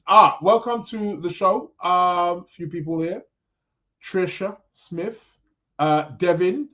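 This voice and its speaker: A man's voice: fairly high pitch, fairly bright tone. A man hosting an astrology podcast in a casual live-stream style, rambling and correcting himself as he chats with his viewers. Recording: dull lo-fi sound.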